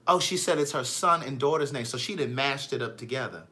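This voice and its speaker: A man chatting on a live stream, sassy and animated, reading viewer comments aloud and joking with them. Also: medium pitch, brisk. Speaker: vlogger.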